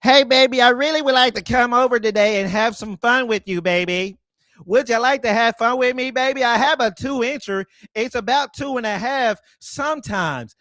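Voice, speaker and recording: A man mimicking a high-voiced, wheedling man sweet-talking a woman in a mocking way. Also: moderate pace, pushed and bright, no room sound, studio quality. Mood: mock-seductive. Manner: wheedling, mock-seductive.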